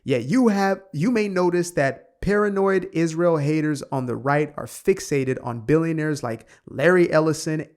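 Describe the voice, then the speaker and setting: Sarcastic male commentator with gravelly voice. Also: mid-range voice, darkish tone. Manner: sarcastic asides, quick offhand remarks. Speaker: online commentator. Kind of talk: reading an article aloud and commenting.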